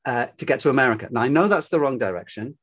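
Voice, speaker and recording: An older man from Scotland speaks with only a faint Glaswegian accent, his voice sitting at an ordinary middle pitch. He talks casually as an interview guest. He tells his answers as rambling, reflective anecdotes. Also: lively intonation, fast, a bit bright. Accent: light Glaswegian Scottish. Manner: reflective, anecdotal, drifting into stories. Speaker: storyteller guest.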